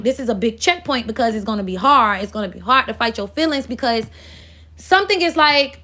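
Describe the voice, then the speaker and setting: A woman's voice: high voice, fairly bright tone. A woman giving a casual astrology reading in a blunt, profane, rambling way, as if channeling spirit messages. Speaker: spiritual reader.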